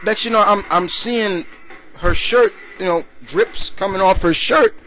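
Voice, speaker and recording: A man's voice: high-pitched, a little slow, bright, forceful tone, soft background music. A young man hosting a casual video blog, answering viewer questions in a rambling way with many fillers and restarts.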